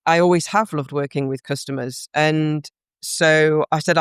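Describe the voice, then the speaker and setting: A woman's voice: low voice, moderate pace, smooth, no echo, clean studio sound. A woman guest in a podcast interview, telling a heartfelt, reflective story about her career.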